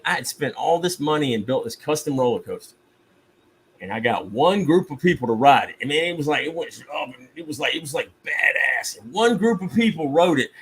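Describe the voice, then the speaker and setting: Gravelly-voiced man telling stories. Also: on the high side, a little fast, slight background noise, low-quality recording. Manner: profane, animated storytelling with mock-outraged asides. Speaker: streamer host. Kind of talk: casual storytelling chat.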